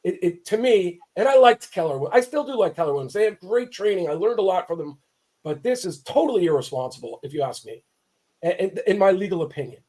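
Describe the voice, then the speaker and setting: A man's voice: high voice, animated, fairly quick, dark tone. A man, a real estate attorney, giving fired-up, emphatic commentary and often restarting his sentences. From Southern California. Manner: fired-up, emphatic, self-interrupting. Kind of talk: impassioned commentary.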